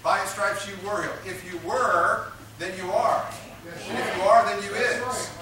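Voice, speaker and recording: A man's voice: sits high, moderate pace, crowd noise. A man preaching a sermon, emphatic and repetitive, drawing responses from his congregation. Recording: echoey room picked up from a distance.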